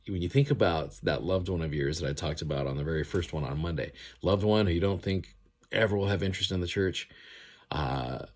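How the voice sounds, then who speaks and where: A man's voice: deep voice, husky. A man giving an earnest devotional scripture commentary, reading verses aloud and explaining them in a casual, heartfelt way. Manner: earnest, reads verses aloud with rising emphasis. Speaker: scripture teacher.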